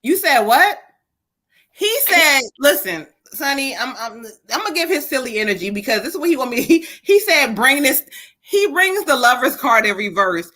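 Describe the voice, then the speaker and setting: A woman tarot reader on a live stream, speaking in a bright, slightly high voice. She giggles often and swears casually while she passes along messages. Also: normal speed. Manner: giggly, animated, swears freely. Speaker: psychic reader. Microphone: webcam or phone on a live stream.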